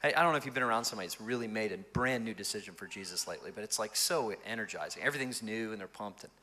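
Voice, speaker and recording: Bright, animated male pastor. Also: on the low side, racing. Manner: animated, expressive storyteller. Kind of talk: storytelling in an interview.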